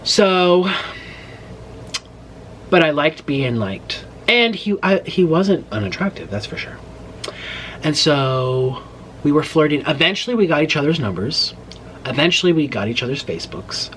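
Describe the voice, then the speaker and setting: A man in his late twenties chatting to camera as a mukbang host, telling a story in an animated, rambling way and breaking off mid-sentence. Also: fairly high pitch, measured pace, long pauses, slight background noise. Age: late 20s. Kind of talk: casual storytelling chat to camera.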